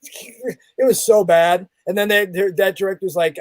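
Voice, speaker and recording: A man with a fairly high voice tells a story as a podcast guest, acting out every bang and every quoted line. The sound is close and dry, with no room around it. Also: animated, slow, pauses often, no echo. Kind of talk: animated storytelling in conversation.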